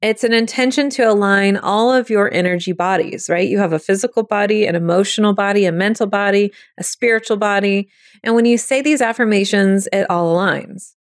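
A woman's voice: medium pitch, dry recording, clean studio sound. A woman hosting a podcast, teaching in a casual, chatty way and acting out quoted thoughts in little voices. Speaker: podcast host. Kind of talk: casual spiritual teaching talk.

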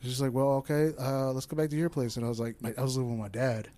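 A young man in casual podcast chat, telling a rambling, candid story and acting out the lines of each person in it. His voice sits at an ordinary middle pitch. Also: level tone, fast talker, warm tone.

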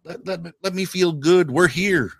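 A man's voice: sits high, measured pace, slightly rough, dry recording, studio quality. A man in his forties chatting casually about a movie, stammering on repeated words and laughing often. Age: 40s. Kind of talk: casual chat.

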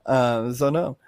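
Dude rambling on a podcast, swears a lot, kinda high voice, dry close sound. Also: male voice, husky, no echo. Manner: profane, rambling, animated. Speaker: podcast co-host. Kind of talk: casual chat.

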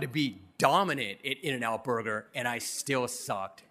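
A middle-aged man from Los Angeles giving a commencement speech, telling his story in a punchy, self-deprecating, animated way. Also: medium pitch, unhurried. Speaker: commencement speaker. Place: university commencement ceremony.

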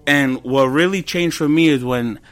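A man in his twenties, a comedian guest on a casual podcast, telling animated stories with slang, swearing and bits of Spanish. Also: on the high side, normal speed. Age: 20s.

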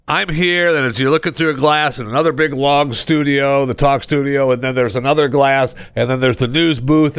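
Guy hosting a podcast, rambly and chatty, dry close sound, middling pitch. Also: no echo. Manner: rambling, conversational storytelling. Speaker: podcast host. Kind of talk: casual chat.

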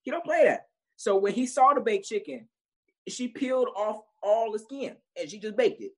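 Husky young man, laughing casual guest. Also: sits high, expressive, moderate pace, a bit bright, low-quality recording. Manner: laughs often, rambling with restarts and fillers. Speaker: guest, social media creator. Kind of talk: casual interview chat.

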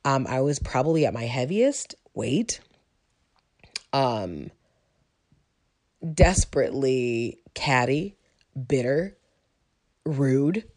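A woman's voice: a bass voice, big pitch swings, slow pace, long pauses, darkish tone. Reflective woman telling her life story. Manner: reflective and conversational, with frequent ums. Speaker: teacher sharing a personal story. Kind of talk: personal testimony storytelling.

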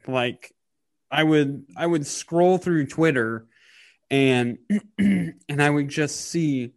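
A man in his thirties talking casually on a podcast, halting with many fillers and getting choked up. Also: fairly high pitch, dry recording, studio quality. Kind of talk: casual emotional podcast talk.

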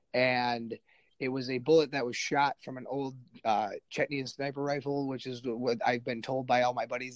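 A military veteran with a mid-range voice tells his story conversationally, with no room sound on the recording. He is casual and self-deprecating and uses lots of filler words.

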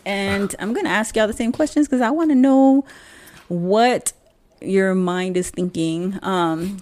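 A woman hosts a podcast with a middle-range voice. She talks in a playful, slangy way and chats easily with her guests. Her delivery is relaxed and loose. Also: medium pitch. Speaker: podcast host. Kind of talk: casual podcast chat.

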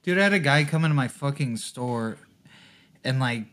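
A man's voice: medium pitch, expressive, normal speed, a bit bright. A man co-hosting a podcast, ranting profanely in casual chat and laughing often. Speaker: podcast co-host.

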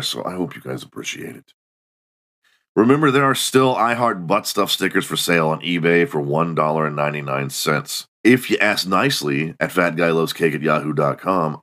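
A man's voice: a bass voice, a bit bright. A middle-aged man hosting a solo comedy podcast, sarcastic and mocking, acting out little scenes. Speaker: podcast host.

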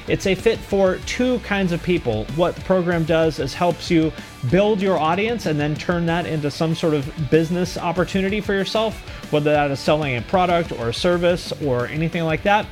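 A man with a fairly high voice hosts a podcast in a relaxed, chatty way, reading through his plugs with some pep. Soft music plays faintly behind him. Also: moderate pace. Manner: energetic, conversational, promotional read. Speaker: podcast host. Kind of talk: podcast intro and interview.

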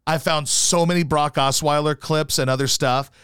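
A man's voice: fairly even intonation, normal speed, a bit bright, clean tone, no echo. A man hosting a sports talk radio show, crude and jokey, chatting casually at a studio mic. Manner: crude, jokey, breaks into mocking high-pitched impressions.

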